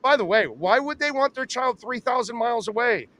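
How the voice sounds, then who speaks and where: A man's voice: very high voice, lively intonation, a little fast. A man hosting a live sports talk show outdoors, bantering and teasing his guest, speaking through a face mask in the wind. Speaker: sports radio show host. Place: outdoors outside a cigar bar in strong wind. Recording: faint wind and outdoor noise.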